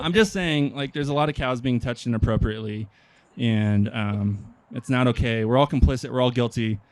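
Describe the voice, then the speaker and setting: On a park stage outdoors, a young Nebraskan does a stand-up set in a medium-pitched voice. He sounds deadpan and unsure, with frequent pauses and plenty of ums.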